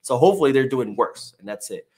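A man's voice: medium pitch, expressive, fast, darkish tone. A man hosting a casual live-stream podcast, reading chat comments in a loose, chatty way with many fillers.

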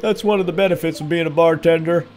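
Man doing a video game bartender voice, high-pitched, chatty, cheerful, faint background music. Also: steady tone, fast, a little mellow, close to an everyday voice. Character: friendly middle-aged male bartender. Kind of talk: reading game dialogue aloud.

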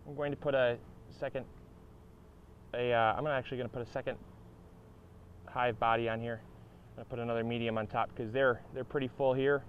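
A young man hosting a gardening channel, talking casually outdoors at his beehive, relaxed and upbeat with many fillers and restarts. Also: medium pitch, muffled recording, slight background noise. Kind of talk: casual outdoor how-to vlog.

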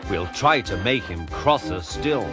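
A man's voice: lively intonation, a little slow. A man voicing a spiteful male brake van that sneers and sniggers, with music playing behind. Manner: sniggering, low and quiet.

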